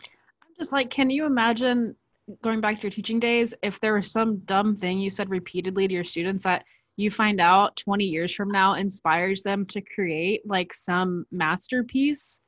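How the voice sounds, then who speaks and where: A woman's voice: mid-range voice, moderate pace. Dry teasing woman podcast co-host. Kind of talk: casual chat.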